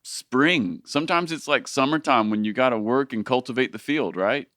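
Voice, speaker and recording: Male podcast host, reflective, preacherly, dry close sound, mid pitch. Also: normal speed, a bit bright, no room sound. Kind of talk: casual podcast conversation.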